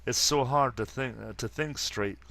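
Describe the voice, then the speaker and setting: A man reading aloud the lines of a weary young superheroine in a flat, plain delivery, with few pauses. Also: medium pitch, creaky.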